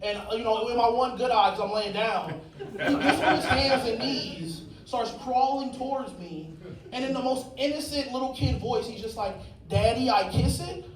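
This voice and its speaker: Stand-up comic, high-pitched, crude storyteller, echoey club with a loud laughing crowd. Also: male voice, moderate pace, far from the mic. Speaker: stand-up comedian. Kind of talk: stand-up set. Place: comedy club stage. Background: audience laughter.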